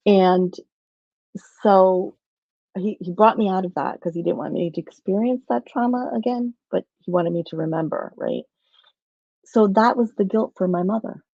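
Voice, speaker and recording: A woman's voice: mid-range voice, moderate pace, dry recording, muffled recording. A woman telling a personal story in a rambling way, with many restarts, on a video call. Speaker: guest.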